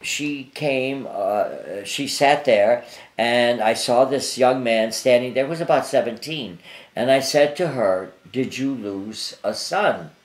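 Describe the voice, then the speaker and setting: A man's voice: mid-range voice, slow, echoey room. An older man, a psychic guest, telling anecdotes in a rambling, casual way full of fillers and restarts, interviewed in his apartment.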